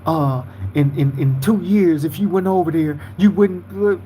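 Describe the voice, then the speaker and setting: A man's voice: a little high, normal speed, dark tone, a little hiss or hum, poor audio. A man hosting a live podcast, chatting casually in streetwise slang and reading out viewer comments. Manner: laid-back, streetwise slang, frequent "you feel me". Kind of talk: casual live-stream chat.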